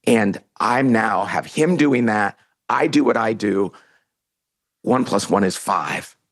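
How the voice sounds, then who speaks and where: On a podcast, a middle-aged author and CEO tells a story as a guest in a casual interview, performing the lines he quotes. He speaks slowly in a lowish, animated voice.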